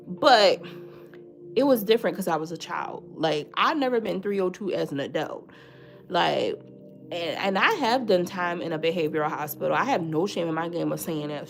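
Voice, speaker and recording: A young woman vlogger telling a personal story in a casual storytime style, animated, with sudden loud outbursts, quiet asides and swearing. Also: mid-range voice.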